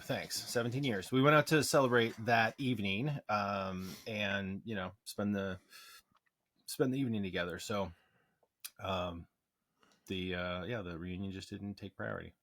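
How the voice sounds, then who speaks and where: A man in his forties, co-hosting a podcast in casual chat, halting and laughing often as he talks into a close desk mic. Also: fairly low pitch, a bit bright. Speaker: podcast co-host.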